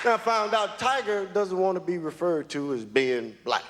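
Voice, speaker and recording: A man's voice: high-pitched, lively intonation, moderate pace, hardly any pauses. A man from the United States doing a stand-up comedy set on stage, talking in a drawling way with many fillers. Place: comedy club stage, live audience. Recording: live hall with crowd and noise.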